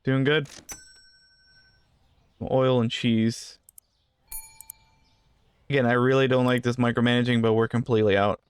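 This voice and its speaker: A man's voice: medium pitch, level tone, unhurried, long pauses, clean tone, no room sound. A man giving casual gameplay commentary, rambling through asides and joking with the customers in the game. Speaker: gaming channel host.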